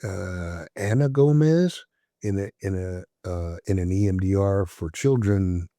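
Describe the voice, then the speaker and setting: A man, a therapist, speaking as a podcast guest in a measured, hesitant way with many pauses. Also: low-pitched, warm tone, no echo, clean studio sound. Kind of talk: casual interview chat.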